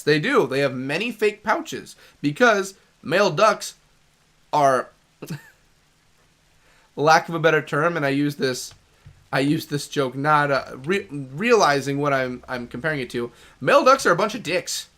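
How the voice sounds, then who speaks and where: A young man commenting on his own video game stream in a loose, rambling way, breaking now and then into excited outbursts. His voice is a touch higher than most men's, bright and forceful. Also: measured pace. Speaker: gaming streamer. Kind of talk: casual let's-play commentary.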